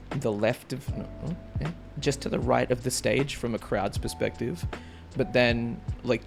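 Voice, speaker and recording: Gravelly-voiced excitable young man. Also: mid-range voice. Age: 20s. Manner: excitable, slangy, calls listeners bro and dude. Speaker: vlogger. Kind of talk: casual chat.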